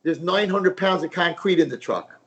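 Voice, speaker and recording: A man's voice: sits high, normal speed, dull audio. A man voicing a frantic woman begging for help in a spoken parable, in his own voice.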